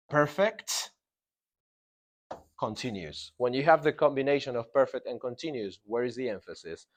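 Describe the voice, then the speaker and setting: A man leads a classroom grammar lesson, his pitch climbing and dropping with lively emphasis. He drills key words over and over and keeps checking on the class with a quick "yeah?" His voice sits at a middling pitch. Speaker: English teacher.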